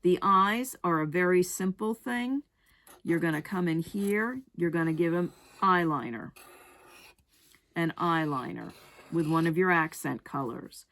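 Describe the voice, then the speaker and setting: Slow, low-voiced woman teaching a craft. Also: a bit bright. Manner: unhurried, practical step-by-step explaining. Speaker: rug hooking instructor. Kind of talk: craft tutorial demonstration.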